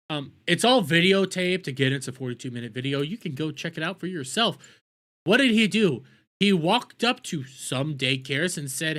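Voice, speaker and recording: A man delivers combative reaction commentary, cursing freely as he argues with a clip. His voice sits high and bright, with pitch that leaps around wildly. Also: lively intonation, moderate pace. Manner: combative, ranting, heavy swearing. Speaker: streamer reacting to news clips.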